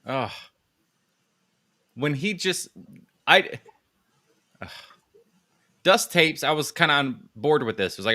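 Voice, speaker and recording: A man's voice: mid-range voice, measured pace, long pauses. A man co-hosting a casual livestream chat, wisecracking and reading out chat names. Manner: lively, wisecracking, reads chat names aloud. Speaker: co-host.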